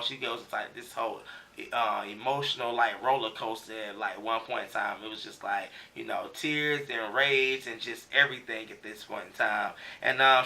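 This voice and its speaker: Bright-voiced man in a slangy casual recap. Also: medium pitch, distant mic. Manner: loose slangy storytelling with many fillers. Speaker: TV show recap reviewer.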